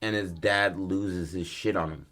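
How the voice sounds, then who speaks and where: Slangy, animated male storyteller, lowish voice. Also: measured pace. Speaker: podcast host. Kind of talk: casual storytelling.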